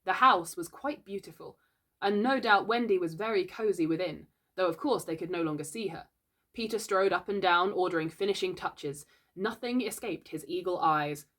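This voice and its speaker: Woman gently reading a children's book aloud. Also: lowish voice, normal speed. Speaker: storyteller.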